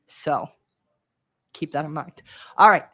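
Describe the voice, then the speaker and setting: A woman hosts a live coaching stream with a slightly husky voice. She talks in a chatty, animated way and answers viewers' comments as they come in. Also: low voice, slow pace. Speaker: trading coach, live show host.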